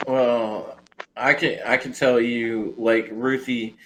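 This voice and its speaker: A man's voice: mid-range voice, level tone, slow pace, low-quality recording. A man hosting a casual online chat show, rambling and swearing freely, often breaking into laughter. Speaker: podcast host.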